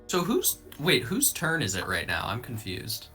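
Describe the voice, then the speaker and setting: A man plays a tabletop game, keen and quick to laugh as he asks what he can try. His voice is bright and forward. Faint music plays in the background. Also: mid-range voice, wildly swooping pitch, husky. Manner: eager, laughs easily. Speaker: player.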